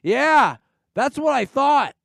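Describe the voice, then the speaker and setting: A man voicing a bitter, rambling divorced man complaining to a stranger at a bar, slow and aggrieved. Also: fairly high pitch, big pitch swings, gravelly, clear, resonant tone, dry recording, studio quality, pitched above the performer's own voice, exaggerated voice. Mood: aggrieved rant. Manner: aggrieved, ranting, slow and drawn out.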